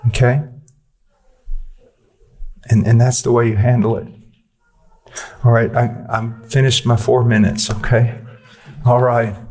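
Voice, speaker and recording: A man's voice: medium pitch, little pitch movement, unhurried, long pauses, a little mellow. A man preaching a sermon, blunt and personal in the way he talks.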